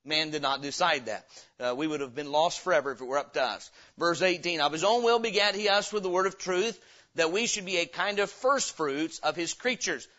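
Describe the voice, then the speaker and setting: High bright-voiced man preaching. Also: dull audio. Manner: preaching with sudden loud emphatic bursts and slow drawn-out scripture reading. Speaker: pastor. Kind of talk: sermon.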